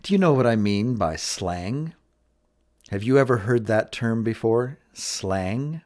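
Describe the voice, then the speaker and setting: A man teaching a beginner English lesson, saying phrases clearly and repeating them for learners to copy. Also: medium pitch, a little mellow.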